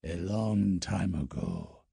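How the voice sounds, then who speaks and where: Guy doing a deep growly sad alien warrior, slow brooding audiobook voice. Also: huge pitch swings, mellow, no room sound, studio quality, full character voice. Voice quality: gravelly growl. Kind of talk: audiobook character voice.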